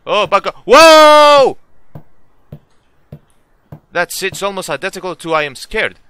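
A young man playing a horror game, talking to himself, swearing and yelling as jump scares hit. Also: high voice, quick pace, dry recording. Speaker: gaming YouTuber. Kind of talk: horror game let's play commentary.

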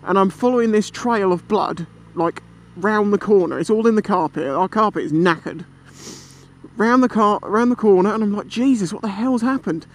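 A British man vlogging from a motorbike, telling a story in a chatty, animated way and swearing freely. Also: high voice, normal speed. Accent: British English. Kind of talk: casual storytelling while riding. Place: on a motorbike outdoors. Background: traffic and engine noise.

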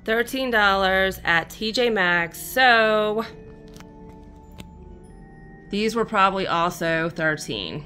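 A woman with a drawl talks slowly and fondly about each thing she bought. She chats casually and sometimes turns aside to speak to her cat. Quiet music plays faintly underneath. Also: mid-range voice, expressive. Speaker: crafting channel host. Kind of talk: casual haul show-and-tell.

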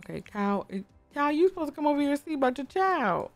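A young woman chats her way through a game in a fairly high voice, talking straight to her characters. She gets excitable and gushing, and her pitch swings widely as she breaks into squeals. Soft music plays faintly underneath. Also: quick pace. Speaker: gaming YouTuber. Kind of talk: casual gameplay commentary. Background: faint background music.

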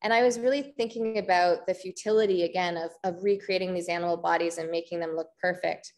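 A Canadian woman in her thirties giving an artist talk, pausing often with ums and restarts. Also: fairly low pitch, fairly even intonation. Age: 30s. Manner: hesitant, frequent ums and restarts. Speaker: visual artist.

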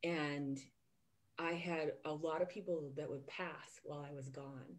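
A woman hosting a podcast, talking earnestly and warmly in a casual interview chat. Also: low-pitched, fairly even intonation, measured pace. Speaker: podcast host.

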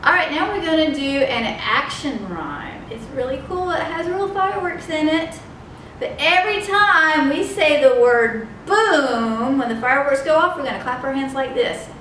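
Woman, high voice, slow storytime reading, sing-song, echoey room, far from the mic. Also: expressive, a bit bright, a little hiss or hum. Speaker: children's librarian. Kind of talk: children's storytime read-aloud.

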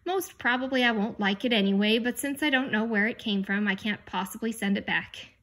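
A woman's voice: fairly high pitch, a little fast, fairly bright tone, lightly acted. A woman reading as a glum, bored young boy. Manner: sulky, complaining.

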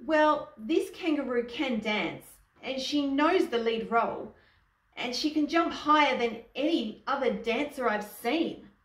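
Commanding ballet director in a storybook, as a woman puts her on, loud and emphatic, high. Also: expressive, a little slow. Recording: echoey room, distant mic.

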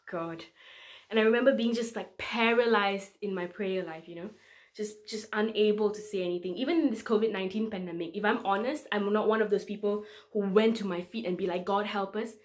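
In a church online service recording, a young woman in her twenties, a medical student who is preaching, shares her personal testimony with earnest emotion. She acts out her prayers with feeling, quoting them in a lively way. Her voice is mid-range and fairly quick.

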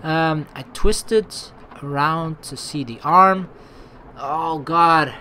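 A let's-play gamer reading game text aloud and reacting excitably with commentary. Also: medium pitch, drawn-out words, a little hiss or hum. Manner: excitable, reacts with sudden outbursts.

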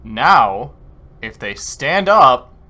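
A young man chatting casually while playing a game, excitable, swearing and laughing often. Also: medium pitch, very slow. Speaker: gaming streamer. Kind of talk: casual gameplay chat. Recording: keyboard clicks and typing behind.

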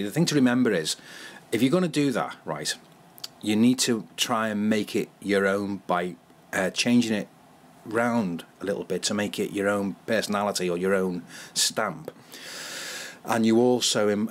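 A lower-pitched man from Britain talks about comedy as a podcast guest. He hesitates and restarts, then builds his point through examples. A faint hiss sits under his voice. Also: moderate pace. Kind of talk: podcast interview.

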